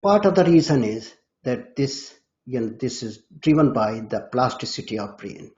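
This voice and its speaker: A man with a dark, mellow voice lays out an academic topic step by step, in a measured lecturing manner. He restarts a word now and then. The sound is dull and lo-fi. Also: medium pitch, animated. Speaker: guest expert. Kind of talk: academic explanation. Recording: dull lo-fi audio.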